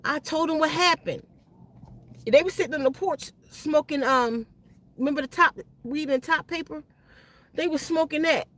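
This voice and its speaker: A woman with a high-pitched voice tells a personal story to her channel. Her speech is slangy and animated. She stumbles over and repeats words as she goes. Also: normal speed. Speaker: channel host.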